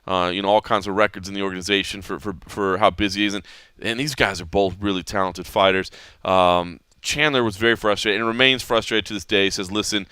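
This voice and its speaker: Man, podcast host, bright tense voice, dry close sound, animated casual chat, lots of restarts. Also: lowish voice, fast talker, clean tone, no echo. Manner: animated storytelling with many restarts.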